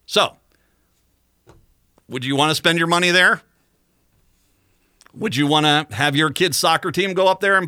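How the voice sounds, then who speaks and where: A male talk radio host rants in an indignant monologue, often stumbling and restarting his sentences. His voice is bright and forceful and sits a little high for a man. The studio sound is close and dry. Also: no room sound. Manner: indignant, ranting, many restarts.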